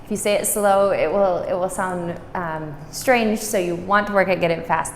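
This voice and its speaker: A woman teaching a language lesson, patiently saying words slowly and repeating them for practice. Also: mid-range voice, slight background noise. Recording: roomy echo, distant mic.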